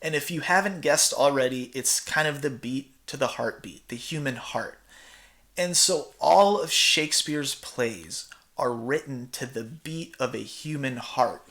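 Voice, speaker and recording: A man's voice: mid-range voice, a little slow, fairly bright tone. A man, a theatre teacher, giving a recorded slide lecture in a casual, chatty way with many fillers.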